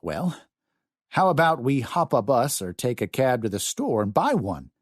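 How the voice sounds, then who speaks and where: A man voicing a gentle, awkward elderly great-grandfather in an audiobook, talking in a tentative, coaxing way. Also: medium pitch, sing-song, moderate pace, breathy edge, no echo, studio quality, voice pushed up. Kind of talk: audiobook character voice.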